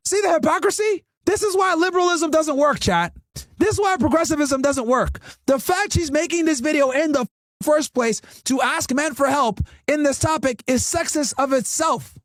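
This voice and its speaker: A man's voice: extremely high pitch, animated, fairly quick, fairly bright tone, dry recording, clean studio sound. A man streaming a reaction video, ranting and mocking it with heavy swearing while he talks straight to his chat.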